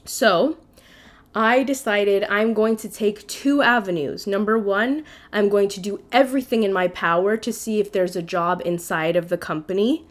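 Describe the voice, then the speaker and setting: Woman podcast host, mid pitch, candid storyteller who swears casually. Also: moderate pace. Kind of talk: personal storytelling monologue.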